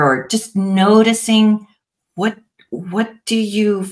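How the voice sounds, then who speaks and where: In an interview, a woman who practices parts therapy gently explains her approach, pausing often and restarting her sentences. Her voice sits in the mid range.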